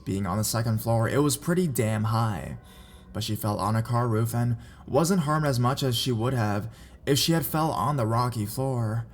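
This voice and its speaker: A man reading reader-submitted scary stories aloud in a measured, even narration. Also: medium pitch, a little hiss or hum. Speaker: horror story narrator.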